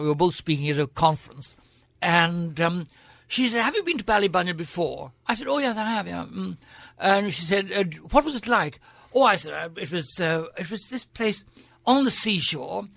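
A man's voice: sits high, creaky, a bit bright, no room sound. An older Irish man, a senator, telling stories as a guest in an interview, with a grand, theatrical, witty manner. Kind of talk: anecdotal storytelling.

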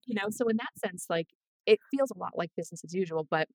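Career coach guest: woman, lowish voice, dry close sound, chatty and animated. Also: no room sound. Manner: chatty, animated, quick asides. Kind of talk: casual interview chat.

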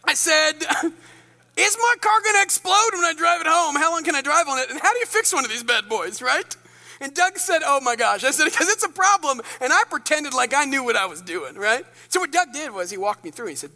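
Male pastor, bright tone, self-deprecating storyteller, sermon recorded in a reverberant church. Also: extremely high pitch. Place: church sanctuary.

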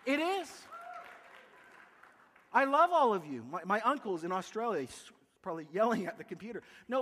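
A man's voice: extremely high pitch, fairly bright tone, big-room sound. A Canadian man preaching an impassioned sermon, piling up repeated rhetorical questions. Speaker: pastor. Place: church sanctuary.

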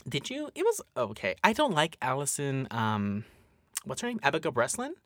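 A man co-hosting a podcast in casual chat, animated and profane, acting out quotes. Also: mid-range voice, moderate pace, no room sound, studio quality. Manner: animated, swears a lot, acts out quotes. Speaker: podcast co-host.

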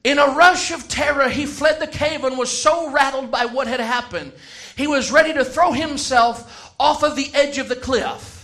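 A man preaching a sermon, who shouts some phrases and slows right down to stress others. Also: very high-pitched. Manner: emphatic, swings from shouting to slow stressed words.

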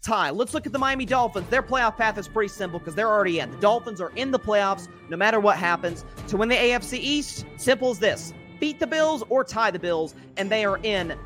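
High-voiced man giving sports picks. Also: lively intonation, fairly quick, hardly any pauses, pushed and bright, soft background music. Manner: rambling, self-correcting, many fillers. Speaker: sports podcast host. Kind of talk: solo sports picks commentary.

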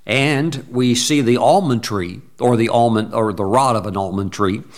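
A man preaches a sermon in an average-pitched voice, pressing his points with emphasis. He breaks into short bursts of praise between thoughts. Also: normal speed. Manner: emphatic, exclaims praise interjections. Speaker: pastor.

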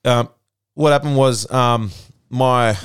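Young aussie guy on a podcast, laid-back slangy storytelling, smooth clear voice. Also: mid-range voice, takes it slowly, no room sound, studio quality. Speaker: podcast guest. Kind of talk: casual chat. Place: podcast studio.

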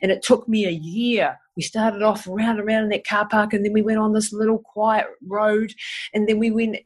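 A New woman shares a personal story as a guest. Her voice has a husky edge. She tells it in an animated way, restarting sentences and acting out what others said. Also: medium pitch. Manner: animated, acts out quotes, frequent restarts.

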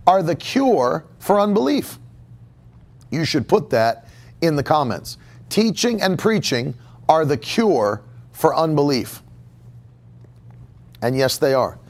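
A male pastor delivers a sermon in a gravelly, fairly high voice. His pitch swings widely as he stresses and repeats key phrases with emphatic conviction. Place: church sanctuary.

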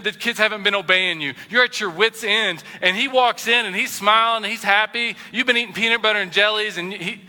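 A man's voice: sits high, bright, forceful tone. A man preaching a sermon as a pastor, telling everyday stories and acting out small scenes. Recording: long hall reverb, faint music.

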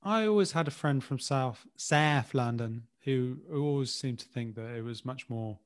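A man of middle pitch in an easy, informal chat. He speaks hesitantly, often restarting his sentences. He laughs readily at himself. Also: lively intonation, smooth. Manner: hesitant, easygoing, quick to laugh. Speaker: conversation partner. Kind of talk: casual conversational chat.

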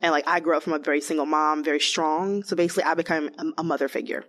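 Speaking at a racing clip in a low register, this young interviewee recounts her personal story. She chats loosely, says "like" constantly, and brings quoted lines to life with animated voices.

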